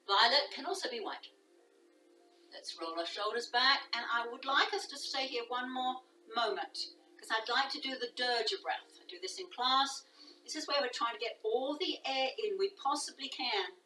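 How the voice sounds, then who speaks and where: Soft-spoken woman guiding a yoga class. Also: fairly high pitch. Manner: calm and soft, often dropping to a near whisper. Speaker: yoga instructor. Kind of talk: guided yoga class instruction. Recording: echoey room, voice from a distance.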